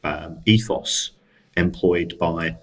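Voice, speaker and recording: A man's voice: low-pitched, takes it slowly, gravelly, poor audio. A man co-hosting a podcast, explaining football finance in a casual, dry and wry way. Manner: dry, wry asides, frequent restarts. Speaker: co-host, football finance expert.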